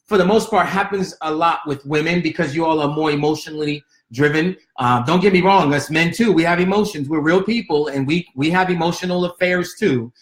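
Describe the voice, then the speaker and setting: A man's voice: on the high side, fairly quick, hardly any pauses. A man in his thirties co-hosting a relationship talk show, giving emphatic, sermon-like advice straight to his listeners and repeating his key points. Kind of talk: preaching-style relationship talk. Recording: echoey room.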